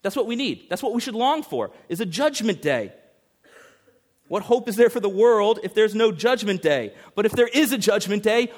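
A man preaching a sermon as pastor, emphatic, swinging between urgent rises and hushed passages. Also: high-pitched.

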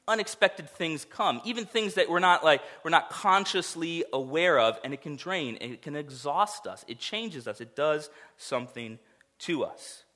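A man's voice: on the high side, sharp tone. A man preaching a sermon to his church in a conversational way, with rhetorical asides to the congregation. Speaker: pastor.

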